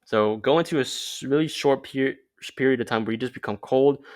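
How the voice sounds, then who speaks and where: A young man talks through his dating advice in a loose, offhand way, dropping "like" between phrases as he goes. His voice sits at an ordinary middle pitch, and he speaks the way you would with a friend. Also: fairly quick. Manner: rambling, loose, lots of "like" fillers. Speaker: vlogger. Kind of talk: casual advice monologue.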